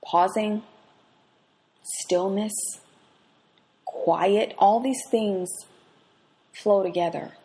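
A woman hosting a faith podcast, who moves between quiet reflection and lively personal stories as she teaches. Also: mid-range voice, extremely slow, long pauses. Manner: expressive, swings from hushed reflection to lively anecdote. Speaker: podcast host and Bible teacher. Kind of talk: devotional teaching with personal storytelling.

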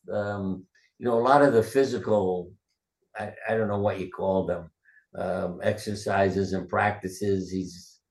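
An older man with a fairly low voice tells loose, rambling stories and acts out the quotes. He is a retired surgeon speaking as an interview guest. His voice rings in a roomy echo. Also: darkish tone. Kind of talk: casual interview storytelling.

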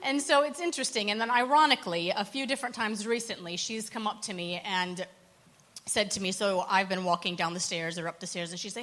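A woman working in church poverty support, telling stories in an earnest, animated way during a panel conversation. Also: mid-range voice, a little fast.

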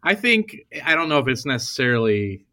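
A man's voice: medium pitch, big pitch swings, fairly quick, sharp tone. A man who is a podcast guest in casual chat, hesitant and full of fillers. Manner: hesitant, many fillers and restarts. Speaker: youth ministry leader, podcast guest.

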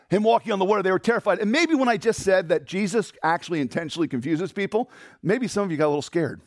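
Male pastor preaching, high voice swinging all over, dry close sound. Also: very fast, no echo. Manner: animated, emphatic preaching with sudden drops to quiet. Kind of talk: sermon. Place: church.

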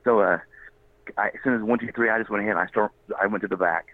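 Over a tinny phone line with no echo, a man with a lowish voice and fairly even intonation tells a long, rambling story as a guest. He laughs often and slips into quick quoted voices in this casual storytelling.

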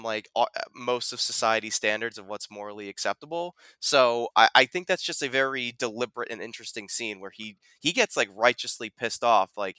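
A man co-hosting a podcast, chatting casually about a film, animated and full of fillers, acting out quotes. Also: medium pitch, smooth, dry recording. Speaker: podcast co-host.

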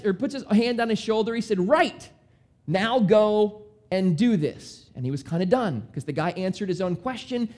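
A man preaching a sermon as pastor, in a lively, conversational style that acts out the quotes he retells. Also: high-pitched. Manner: animated, conversational preaching with dramatic voiced quotes.

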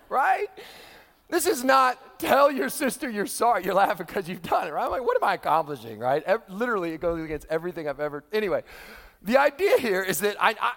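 High-voiced male preacher in a hall. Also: a little fast, creaky. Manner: animated, acts out quoted voices, laughs with the audience. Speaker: pastor. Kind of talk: sermon. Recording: long hall reverb.

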